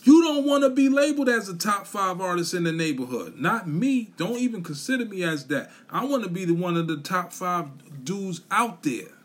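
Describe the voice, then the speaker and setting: A man delivers a blunt, profane pep talk on a podcast, hammering his points with repetition and street slang. His voice sits a little high for a man and has a husky, grainy edge. He swears freely and talks straight at the listener. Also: lively intonation, moderate pace, hardly any pauses. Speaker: podcast host. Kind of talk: profane motivational rant.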